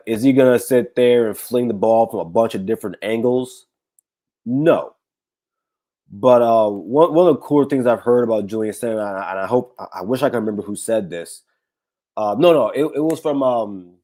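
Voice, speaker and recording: A man with a raspy, hoarse voice hosts a casual sports talk livestream, rambling with many fillers and restarts. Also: on the low side, normal speed, warm tone. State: hoarse, recovering from illness. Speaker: podcast host.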